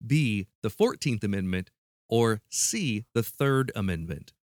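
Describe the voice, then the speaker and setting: A man's voice: lowish voice, lively intonation, a little slow, no echo, clean studio sound. Playful man hosting a podcast quiz. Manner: playful, restarts mid-sentence. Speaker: podcast host running a quiz. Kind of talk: casual podcast chat.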